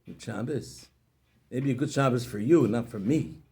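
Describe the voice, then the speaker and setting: A man's voice: a little high, animated, moderate pace, close to an everyday voice. A man voicing a grief-stricken man who has lost his whole fortune, talking in a distraught, pleading way. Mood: sad.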